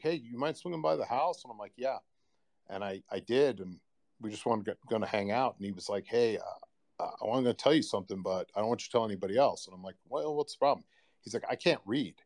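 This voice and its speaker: Guy with a lower voice rambling thru a story on a podcast, lots of uh and you know. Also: darkish tone. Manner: rambling storyteller, many fillers. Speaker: guest sharing a personal story. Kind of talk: casual podcast conversation.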